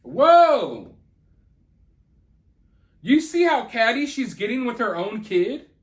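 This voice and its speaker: High-voiced man ranting indignantly. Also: lively intonation, moderate pace. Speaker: channel host. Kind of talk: celebrity gossip commentary.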